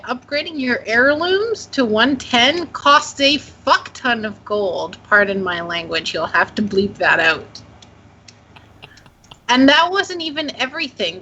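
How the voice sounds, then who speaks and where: A woman from Canada co-hosting a casual gaming podcast, sassy and quick, laughing easily. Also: medium pitch, sharp tone, highs cut off, a little hiss or hum. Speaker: podcast co-host.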